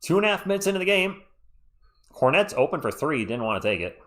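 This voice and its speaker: A slightly congested man hosts a fan basketball live stream, calling plays at a quick pace and reading live chat in between. His voice is a little high, very animated and a bit bright, and he keeps things chatty.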